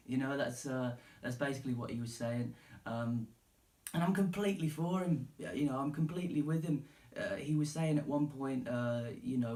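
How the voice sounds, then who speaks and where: A man's voice: medium pitch, moderate pace, a little mellow, reverberant, far from the mic, poor audio. A man hosting a solo podcast, talking casually and emphatically, swearing and calling the listener "dude". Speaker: podcast host.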